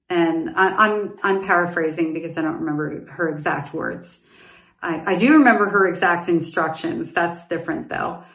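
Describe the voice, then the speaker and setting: Woman, middle-aged, podcast host, personal storytelling, candid, low-ish voice, roomy echo. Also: normal speed, a bit bright, far from the mic. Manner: candid, reflective, with self-corrections and asides.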